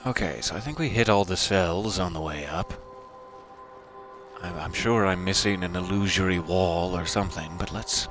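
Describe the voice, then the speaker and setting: A man's voice: sits low, normal speed, fairly bright tone, faint music behind. A man streaming a video game live, commenting in a playful, mock-formal joking way.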